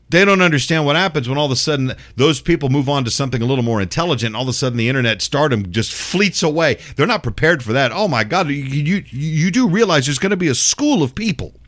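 A middle-aged host rants in an exasperated, profanity-laced monologue, full of sarcasm. His pitch rises and falls a lot as he talks. The recording is close and dry. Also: a bit bright, no room sound. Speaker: show host. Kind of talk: ranting monologue.

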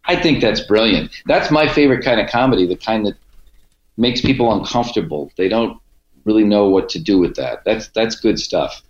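Lowish and expressive, this man speaks at a moderate pace, a Cleveland comedian-podcaster who keeps starting his rambling anecdotes over during a relaxed interview. The audio has a dull, echoey quality.

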